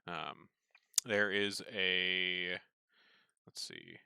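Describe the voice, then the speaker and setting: A man's voice: deep voice, very animated, very slow, vocal fry, sharp tone, clean tone, no room sound. A man narrating a tabletop game as game master, meandering, with many fillers and restarts.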